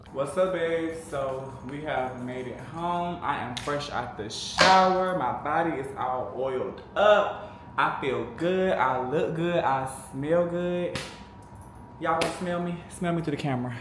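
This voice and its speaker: A man's voice: fairly high pitch, measured pace, fairly bright tone, soft background music. A man vlogging casually to camera as a truck driver, chatty and sassy, calling viewers babes and honey. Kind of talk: casual vlog chat to camera. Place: small room, at home or in a truck cab. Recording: echoey room, faint background noise.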